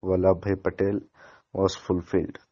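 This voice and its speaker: Brief: low-pitched man, student, reads a lesson slowly with stumbles, dull lo-fi recording. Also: monotone. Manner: halting reader with small slips and restarts. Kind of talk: reading a textbook lesson aloud.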